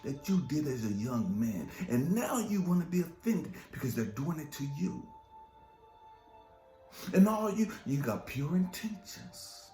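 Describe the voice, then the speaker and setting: A man's voice: a little high, sing-song, unhurried, dark tone. A man giving an impassioned motivational monologue as a life coach, swearing often and hammering repeated rhetorical questions. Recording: echoey room with faint music.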